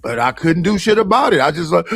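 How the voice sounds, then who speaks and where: High-pitched gravelly dude, cussing a lot, real emphatic, dry sound. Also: male voice, fairly bright tone, no room sound. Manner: blunt and profane, emphatic. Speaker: podcast panelist. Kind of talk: casual chat.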